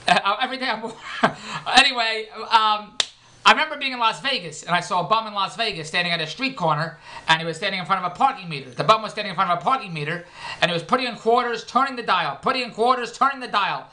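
Middle-aged man, bright-voiced joke-teller, loose and rambling, laughs at his own gags. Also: sits high, fast. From Philadelphia, United States. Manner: joke-telling, rambling, self-interrupting, laughs at himself. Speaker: vlogger and comedian. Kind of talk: rambling comedic vlog monologue.

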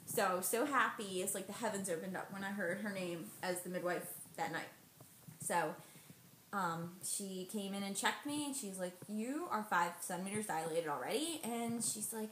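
Young woman, casual vlog storyteller, chatty and animated; echoey room, faint noise. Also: mid-range voice, moderate pace. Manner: chatty, animated quoting of others. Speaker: vlogger.

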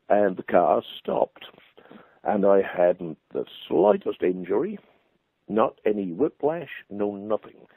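A man telling a vivid anecdote as a guest, animated and expressive, heard over a dry, phone-like line. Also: fairly low pitch, vocal fry, breathy edge, dry recording. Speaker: storytelling guest. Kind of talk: anecdotal storytelling.

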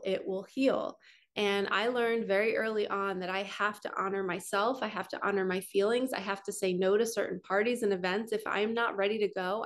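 A middle-aged woman who works as a spiritual coach delivers an earnest, flowing teaching monologue full of repetition, speaking in a mid-range voice.

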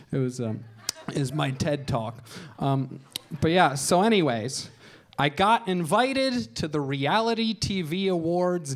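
A man in his thirties doing stand-up storytelling on a comedy show stage, deadpan and crude, slipping into voices for the people he quotes. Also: fairly high pitch.

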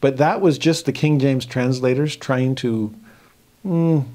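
A middle-aged man teaching a scripture study lesson, playful and animated, acting out sarcastic lines as he explains. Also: medium pitch, unhurried.

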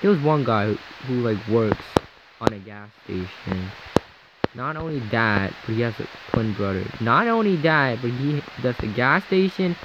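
In this casual rant to camera, a male vlogger rambles through a frustrating story, re-enacting both sides of a conversation and saying "like" and "you know" constantly. He speaks expressively at a moderate pace in a mid-range voice, with lo-fi sound and heavy background noise.

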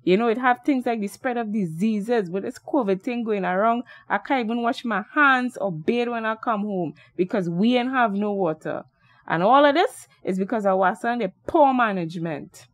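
A woman's voice: a little high, moderate pace, dry recording, clean studio sound, natural voice. A woman voicing an exasperated man who rants about the water cuts. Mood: ranting. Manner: ranting, exasperated dialect speech. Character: annoyed Trinidadian man, fed up with water cuts.

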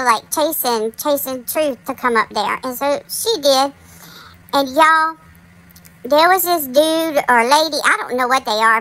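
A woman's voice: sits high, bright, forceful tone, poor audio. A woman hosting a casual commentary monologue, chatty and talking straight to her viewers. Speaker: commentary channel host.

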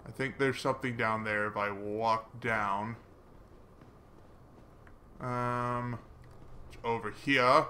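A man giving casual, chatty commentary while playing a video game, mocking himself and breaking into excited swearing. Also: mid-range voice, slow, long pauses, a little hiss or hum. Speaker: gaming let's player.

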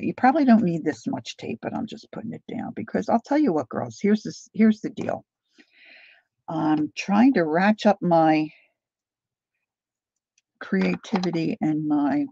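A middle-aged woman hosting a crafting livestream, chatting warmly to viewers while she works. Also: low voice, vocal fry, slightly rough, dry recording, lo-fi sound.

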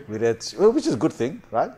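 Animated preacher, lively storyteller. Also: male voice, measured pace. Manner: animated, laughing often, big swings in pitch and loudness; chatty, asks the audience for agreement. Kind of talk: storytelling sermon.

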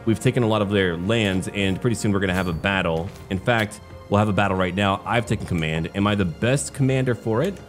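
A man with a low, deep voice talks through a strategy game in a wry, chatty way, tossing in small jokes. Soft music plays faintly beneath him. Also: fast, few pauses. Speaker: game streamer. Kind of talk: let's-play commentary.

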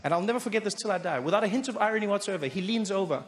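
Animated comedian, high-pitched. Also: male voice, very fast. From South Africa. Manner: animated, acts out voices. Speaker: stand-up comedian. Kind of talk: stand-up storytelling. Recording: live show in an echoey hall with audience noise.

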